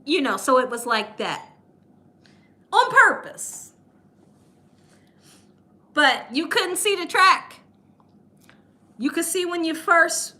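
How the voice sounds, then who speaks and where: A woman hosting a live cooking stream, telling stories in a lively way and laughing often. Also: extremely high pitch, takes it slowly, long pauses. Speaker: cooking channel host. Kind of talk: live-stream storytelling chat.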